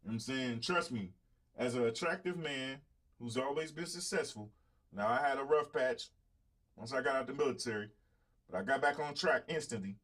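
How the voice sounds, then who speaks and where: Blunt, preachy male host in his thirties, mid-pitched, talks straight at his viewers. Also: moderate pace, fairly bright tone. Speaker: show host. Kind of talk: casual live-stream talk.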